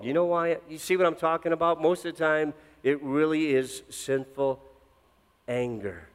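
Middle-aged guy preaching in a big echoey church, kinda high voice, gets loud then drops way low. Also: fairly even intonation, moderate pace, smooth. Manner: dynamic preaching, swinging from loud emphasis to low intense drops. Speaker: pastor. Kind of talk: sermon. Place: church sanctuary. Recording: long reverb of a church hall.

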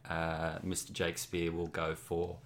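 A man with a slightly low, bright-toned voice. He talks in a measured way and lays out playful guesses in casual podcast chat. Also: completely flat delivery. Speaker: podcast co-host.

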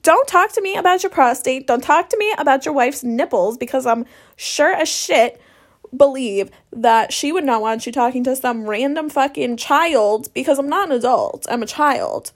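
A woman's voice: high-pitched, normal speed. A young woman telling stories in a casual monologue, swearing freely and sarcastic in a ranting way. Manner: profane, sarcastic, rant-like.

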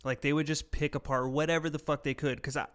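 A man's voice: on the high side, level tone, fast talker, fairly bright tone. A young American man chatting casually on a podcast, telling school stories with lots of swearing and laughter. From United States. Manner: profane, laughing storyteller. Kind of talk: casual chat.

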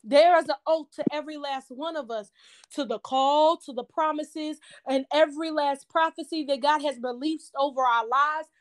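Woman podcast host, sermon-style cadence, emphatic repeats, high voice. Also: moderate pace. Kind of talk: impassioned testimony, preaching cadence.

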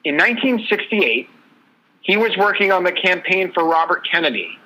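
Bright-voiced man telling sports history. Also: high voice, lively intonation, normal speed, low-quality recording. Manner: storytelling, loose and rambling. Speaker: podcast co-host. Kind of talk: casual sports chat.

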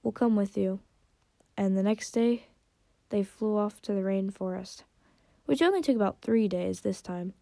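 Casual woman narrator, mellow, fixes her own slips. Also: mid-range voice, normal speed, gravelly, dry recording, studio quality. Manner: casual, stumbles and corrects herself. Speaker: podcast host reading fan fiction. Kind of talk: reading a story aloud.

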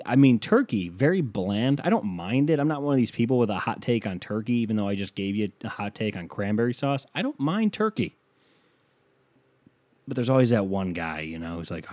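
This man hosts a podcast, his lowish, darkish voice carrying a sarcastic, ranting comedic monologue in which he acts out the people he quotes. There's no echo on the recording.

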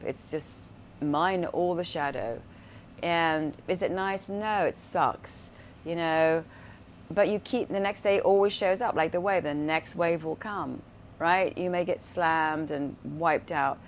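Blunt, low-voiced woman talking spirituality. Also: slight background noise. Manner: blunt and profane, acts out quoted voices; repeats "right?" and "you know" for emphasis. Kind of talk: casual spiritual talk.

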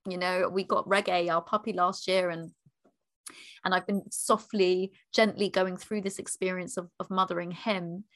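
A woman author telling a candid personal story in an animated way, laughing and acting out what people said. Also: on the low side, normal speed.

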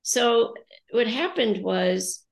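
Slow-spoken gravelly American woman coach. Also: fairly high pitch, lively intonation, reverberant. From United States. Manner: thoughtful, acts out her own inner dialogue. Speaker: coach and podcast co-host. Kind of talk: reflective casual podcast talk.

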